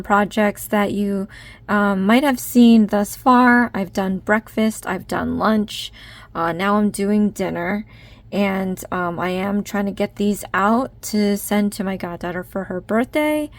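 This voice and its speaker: Woman host, casual step-by-step teaching, gravelly voice, chatty with ums. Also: mid-range voice, a little mellow. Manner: chatty, with frequent ums, addresses viewers as you guys. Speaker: crochet tutorial host.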